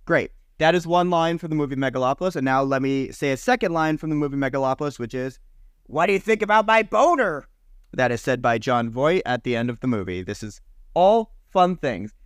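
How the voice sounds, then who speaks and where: A man co-hosting a casual podcast chat, animated and mocking as he rants. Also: mid-range voice, a little fast, clear, resonant tone, no room sound, clean studio sound. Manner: animated, mocking movie lines in exaggerated readings. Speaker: podcast co-host.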